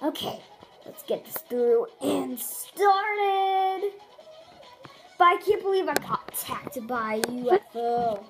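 A performer voicing an excitable little turtle creature in silly game commentary, with squeaky shrieks and giddy, easily startled reactions. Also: takes it slowly, exaggerated voice, poor audio. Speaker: channel host. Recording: game music loud behind voice.

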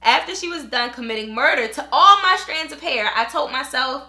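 A chatty woman vlogger with a high, lively voice that swoops all over, reading out a viewer's email and talking right to her audience. Her tone is bright and sharp, and the room has an echo. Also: normal speed. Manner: chatty and animated, talks straight to viewers. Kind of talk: casual chat reading an email aloud.

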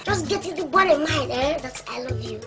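A shrill, cheeky Nigerian son. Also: male voice, animated, fairly quick, low-quality recording. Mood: sweet-talking. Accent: Nigerian English. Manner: stammering, boastful, wheedling. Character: cheeky, dreamy young grown son, high-voiced. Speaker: film actor. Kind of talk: comic film acting. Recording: film audio with soundtrack music. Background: music.

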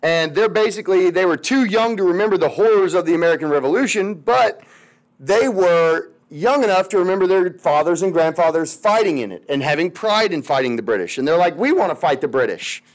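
A man's voice: sits high, lively intonation, a little fast. A man giving a casual history lecture, chatty and slangy, acting out the people he quotes. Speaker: history teacher.

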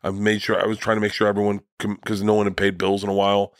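Middle-aged male comedian guest, low voice, dry close sound, profane rambling storyteller. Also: monotone, fast talker, dry recording. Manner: profane, rambling anecdotes with restarts. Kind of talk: casual storytelling conversation.

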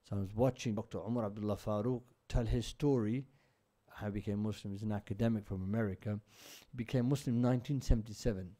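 A religious teacher in a mosque gives an informal lesson, speaking fast in a lowish, dark voice with a steady tone. He tells stories conversationally and keeps checking in with listeners by asking "right?"

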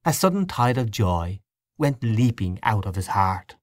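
Low male narrator voice, lots of melody, dry close mic, reading a classic story. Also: big pitch swings, measured pace, no echo. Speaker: audiobook narrator. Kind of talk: scripted literary narration.

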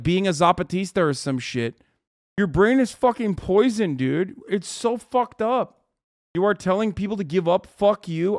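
A man's voice: high-pitched, no room sound, studio quality. A man streaming live, reacting in a heated, profane rant. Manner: angry, profane ranting.

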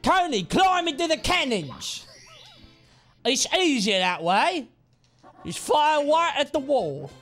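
A man voicing a pushy male backseat gamer with a put-on accent who barks loud, bossy coaching. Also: very high voice, big pitch swings, takes it slowly, long pauses, soft background music, voice pushed up, exaggerated voice.

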